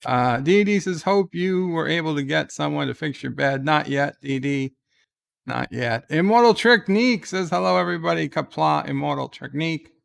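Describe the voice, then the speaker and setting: A man's voice: on the high side, expressive, normal speed, gravelly, fairly bright tone. A weary man hosting a casual livestream at home, reading viewer comments aloud with wry asides. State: exhausted. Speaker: livestream host. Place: at home in bed.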